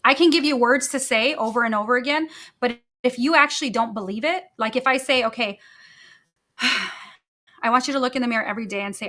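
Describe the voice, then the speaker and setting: Female podcast host, solo motivational talk; bright, forceful voice, fairly high, emphatic and repetitive. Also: fast. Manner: energetic, emphatic, repeats key phrases.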